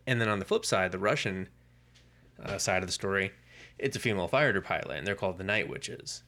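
A man co-hosting a casual podcast, retelling a story with lively, acted-out quotes. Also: sits low, a little fast. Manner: animated storytelling, acting out quoted lines. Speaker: podcast co-host. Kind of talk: casual comic book podcast chat.

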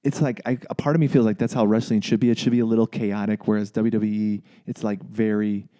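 Man, casual chat, mid pitch, mellow tone, rambling, many "like"s. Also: little pitch movement, quick pace. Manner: rambling, lots of "like" and restarts.

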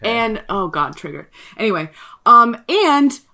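A young adult woman telling a story in casual chat, animated and profane, full of filler likes. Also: fairly high pitch, unhurried.

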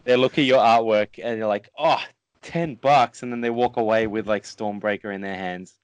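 A man's voice: lowish voice, little pitch movement, brisk, smooth, dry recording. A man, an artist chatting casually on a podcast and wryly quoting customers. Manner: wry, quotes customers in their voices. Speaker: artist selling at conventions.

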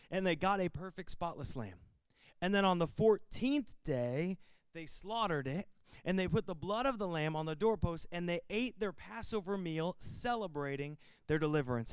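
A man's voice: fairly high pitch, clean tone, dry recording. A man preaching a sermon as pastor, building emphasis with repetition and calls to open the Bible.

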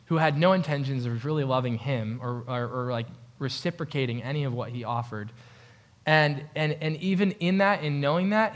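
A man preaching a casual, conversational sermon in a church, animated and given to joking asides. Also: medium pitch. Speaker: pastor.

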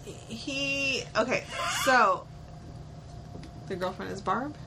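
A woman's voice: on the high side, noisy background. A young woman co-hosting a podcast, chatting casually and laughing as she recaps a show. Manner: chatty, laughs often, quick asides. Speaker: podcast co-host.

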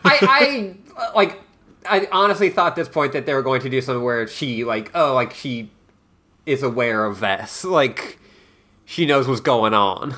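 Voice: mid-range voice, animated, moderate pace, pushed and bright. A podcast co-host in casual chat, hesitant and often restarting sentences.

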